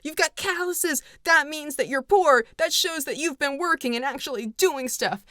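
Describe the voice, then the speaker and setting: A woman's voice: high voice, normal speed, pushed and bright, no echo, clean studio sound, pitched above the performer's own voice. A woman voicing a smug, cold adult male leading man in a scornful, mocking way.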